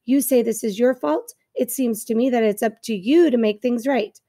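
A bossy old gray goose who scolds in a brisk, no-nonsense way, as a woman reads her part. Her voice is fairly high with a gravelly fry. It is recorded close and dry. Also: warm tone, dry recording. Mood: scolding.

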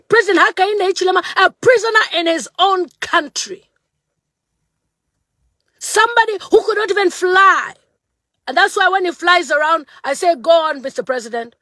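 A woman's voice: very high voice, normal speed, sharp tone, dry recording. A woman from Zambia delivering an angry political rant to camera, scolding and repeating mocking phrases. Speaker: vlogger.

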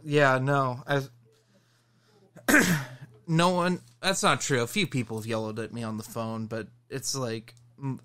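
A man co-hosting a casual podcast, telling an animated story and laughing as he goes. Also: medium pitch. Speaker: podcast co-host.

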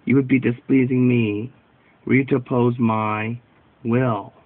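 A man reading the words of Jesus as a gentle, loving divine speaker in a solemn, measured devotional reading. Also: medium pitch, little pitch movement, phone-quality sound, lightly acted. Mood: tender.

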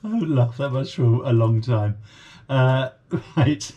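A man's voice: mid-range voice, animated, unhurried, dark tone, highs cut off. A man from Essex casually reviewing a comedy clip, rambling with many fillers and chuckles. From Essex, England. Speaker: reaction video host.

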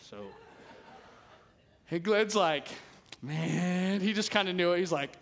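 A male senior pastor preaching a sermon in a casual, animated way, acting out conversations as he tells a story. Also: medium pitch, measured pace.

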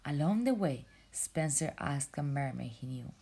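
A woman reading a children's story aloud, often in a soft whisper, stopping to ask the child questions. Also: deep voice, lively intonation, breathy edge. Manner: slow, often whispered narration with asides to a child.

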